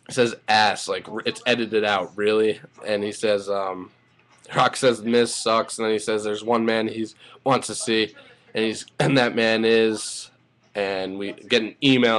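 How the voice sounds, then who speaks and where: Excitable man rambling through a recap. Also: on the low side. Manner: rambling, excitable, swears freely. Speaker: wrestling show reviewer. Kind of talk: casual spoken recap.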